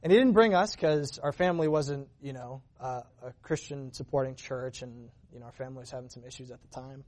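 A man's voice: mid-range voice, brisk, a little mellow. A man sharing a personal testimony at church in an earnest, conversational way, often restarting his sentences. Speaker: church member giving a testimony.

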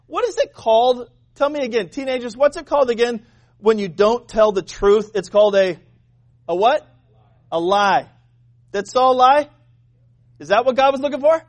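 A man preaching a sermon as pastor, animated and joking, asking the congregation questions. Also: very high-pitched, moderate pace.

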